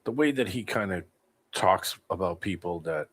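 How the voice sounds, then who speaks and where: A man's voice: low voice, lively intonation, normal speed, over a noisy crowd. A man on a live panel chatting casually and gossiping loosely about someone, often laughing. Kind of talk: casual chat.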